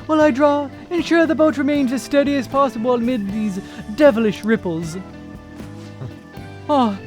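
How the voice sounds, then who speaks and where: A man's voice: very high-pitched, moderate pace, faint music behind. A man reading a pompous, grandiose young male artist aloud on stream, with theatrical, flowery speech.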